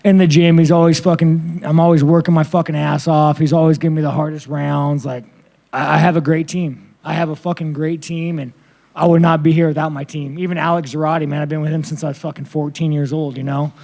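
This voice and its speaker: A man's voice: fairly high pitch, level tone, fairly quick, vocal fry, warm tone. A man fielding reporters' questions at a post-fight press conference, blunt and rambling, swearing constantly and laughing at himself.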